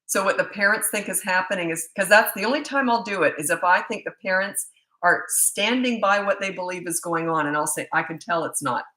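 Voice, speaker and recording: A woman's voice: medium pitch, brisk, pushed and bright, low-quality recording. A middle-aged woman parenting coach chatting and telling stories in a live webcam Q&A, laughing often. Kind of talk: live Q&A chat from home on webcam. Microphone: laptop webcam.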